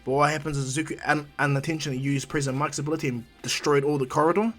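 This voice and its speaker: Husky man telling a fan story. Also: on the high side, fairly even intonation, racing, a bit bright, soft background music. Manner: rambling, loose and conversational. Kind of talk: improvised storytelling.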